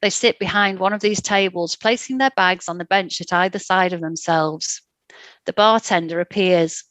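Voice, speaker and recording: A woman reading her own short story aloud in a calm, measured way. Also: on the low side, no room sound.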